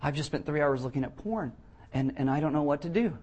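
A man's voice: on the high side, lively intonation, fast, darkish tone, highs cut off. A man quoting a sheepish, stammering caller. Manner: hesitant, stammering. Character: sheepish young man calling late at night.

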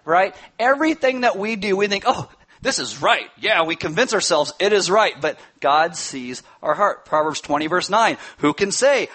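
Man preaching, fairly high voice, chatty sermon with wry jokes. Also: a bit bright, rough recording. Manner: conversational, joking asides. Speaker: pastor.

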